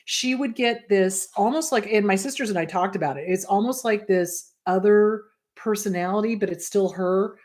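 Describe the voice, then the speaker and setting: A woman therapist hosting her own show, talking casually and bluntly to viewers, often pausing to ask them whether they follow her point. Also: medium pitch, darkish tone. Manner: emphatic, blunt, repeats rhetorical questions to the audience; acts out quoted voices in passing. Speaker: therapist and host. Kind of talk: casual advice talk to viewers.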